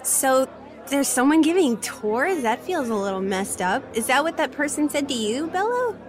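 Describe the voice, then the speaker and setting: A woman plays in a tabletop game, often giggling and a little apologetic. Her voice sits a touch high, with music running clearly underneath. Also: big pitch swings, normal speed, a crowd in the background. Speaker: player. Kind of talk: casual tabletop play.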